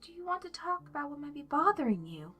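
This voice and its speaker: A woman reading a fan story aloud, voicing a gentle, motherly female monster who speaks softly and formally. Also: high voice, expressive, moderate pace, husky, faint music behind, pitched above the performer's own voice, exaggerated voice. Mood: caring. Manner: soft, formal, motherly concern.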